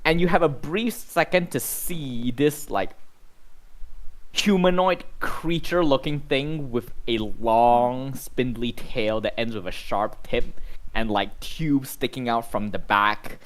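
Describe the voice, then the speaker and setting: A man's voice: mid-range voice, slow pace. A man running a tabletop game as game master, narrating loosely with lots of fillers.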